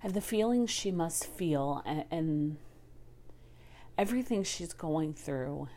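A woman's voice: low voice, animated, slow pace, mellow, a little hiss or hum. A woman sharing a raw, emotional personal monologue about living with a partner's addiction. She talks intimately, sometimes whispering and sometimes rising in anguish, and swears freely. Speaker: partner of a recovering alcoholic.

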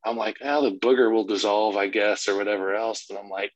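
A man's voice: on the low side, brisk, few pauses, dry recording, poor audio. A man in his thirties telling a long family story in casual chat on a podcast, swearing freely and acting out the lines he quotes. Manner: profane, animated retelling with voiced quotes. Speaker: podcast guest.

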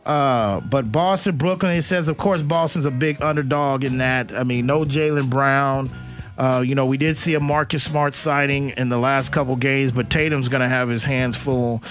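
A man's voice: mid-range voice, steady tone, normal speed, faint music behind. A man hosting a sports talk radio show from a studio, blunt and opinionated, rambling through his points.

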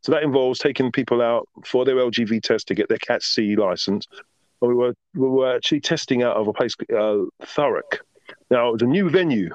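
A man as a podcast guest telling stories in a casual interview, animated and emphatic, often checking in with "right?". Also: mid-range voice, fairly quick, dry recording, dull audio.

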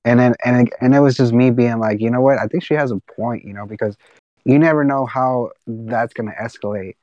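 A man's voice: mid-range voice, steady tone, a little fast, darkish tone, no room sound, dull audio. A man telling stories in a loose, casual podcast chat. He rambles, restarts his sentences and swears freely. The sound is dry and close. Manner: rambling, restarts and fillers, profanity.

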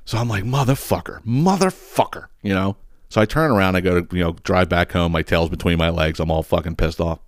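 A man's voice: low voice, fast, smooth, dry recording, studio quality. A man who tells a story casually and with lots of swearing, acting out what people said. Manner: profane, animated storyteller who acts out quotes. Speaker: podcast host.

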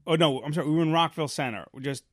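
A man co-hosting a podcast, telling stories in casual chat, rambling and animated with lots of restarts. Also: on the high side, rapid-fire, dry recording, clean studio sound. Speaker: podcast co-host.

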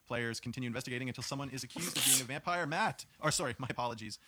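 A man's voice: medium pitch, racing, noisy background. A man running a tabletop game with jokey, rambling talk and frequent laughs. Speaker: game master. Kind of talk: playful tabletop game narration.

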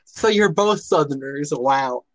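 This Minnesotan chat participant speaks earnestly on a casual voice call, wandering through his thoughts with many restarts. His slightly high voice is expressive and measured in pace, captured dry but roughly recorded.

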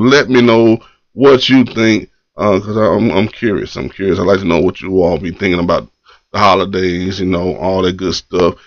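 A man with a fairly low voice, talking at a normal pace, hosts a poetry stream in the morning, greeting people and reading comments in a casual, slang-heavy way while repeating himself. The recording is dry, dull, and lo-fi.

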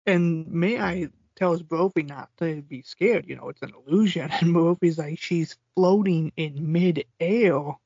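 A man's voice: a little high, moderate pace, vocal fry, few pauses, darkish tone, slightly rough, no echo. A man co-hosting a podcast, casually retelling movie scenes and quoting lines, often laughing. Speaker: podcast co-host. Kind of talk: casual movie recap chat. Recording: dull lo-fi sound.

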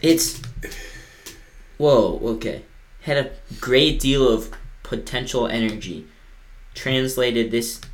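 Guy on a podcast joking around and reading stuff off his screen, normal pitch. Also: a bit bright. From Iowa. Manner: joking, reads facts aloud from a screen. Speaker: podcast co-host. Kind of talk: casual chat.

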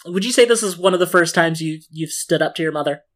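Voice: mid-range voice, fast. A game master narrating a tabletop game, playful and often laughing.

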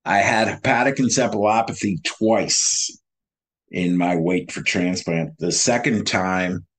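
A man guest on a video call, telling his story in an animated way, laughing and acting out past conversations. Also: deep voice, unhurried.

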